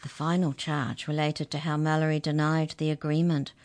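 Low-voiced woman reading a children's story. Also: moderate pace. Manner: clear, expressive narration.

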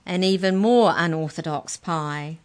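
A woman's voice: fairly low pitch, moderate pace, darkish tone, close to an everyday voice. A woman doing a sweet-talking scheming giantess. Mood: soothing. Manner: falsely soothing.

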